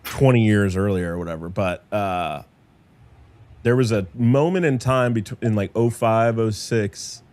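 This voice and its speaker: A man with a fairly low voice hosting a podcast, dry and close on the mic. He talks in loose, joking, provocative banter. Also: unhurried, darkish tone, no echo. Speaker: podcast host. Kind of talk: casual podcast chat.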